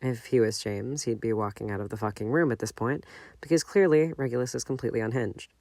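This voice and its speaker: Gravelly male audiobook narrator. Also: medium pitch, brisk, darkish tone, no echo. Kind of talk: audiobook reading of fan fiction.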